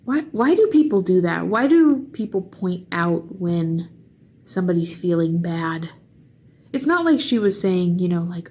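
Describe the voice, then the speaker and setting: A young woman vents in a casual vlog, tired and weary. Her words come out slowly, with sighs between them. Her voice has a slightly husky edge. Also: lowish voice, animated, darkish tone. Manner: slow, weary, sighing. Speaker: vlogger. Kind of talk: casual venting monologue.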